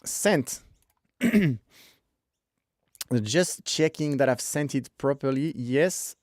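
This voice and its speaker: A man's voice: medium pitch, expressive, drawn-out words, long pauses, dry recording. A man hosts a live podcast stream in an easygoing, joking way, narrating whatever he is doing. His voice sits mid-range and is heard close and dry. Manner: joking, chatty, thinks out loud. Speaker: podcast host. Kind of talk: casual live-stream chat.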